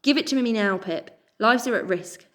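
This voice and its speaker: A woman reading a storybook aloud, voicing a gruff, battle-scarred male rat soldier who talks sternly and urgently. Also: a little high, normal speed, a bit bright, lightly acted.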